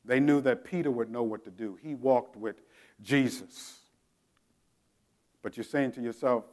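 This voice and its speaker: A man's voice: medium pitch, a little slow, long pauses. Man preaching a storytelling sermon. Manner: prays softly, then tells stories with shouted drill commands. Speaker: pastor.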